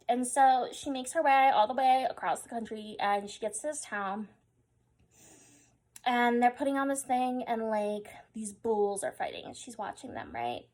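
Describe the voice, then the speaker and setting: A woman's voice: fairly high pitch, animated, moderate pace, darkish tone. Tipsy rambling woman telling history. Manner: rambling and giggly, full of "like" and "oh my God"; slangy and profane. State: drunk. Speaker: storyteller. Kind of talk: tipsy comedic history retelling.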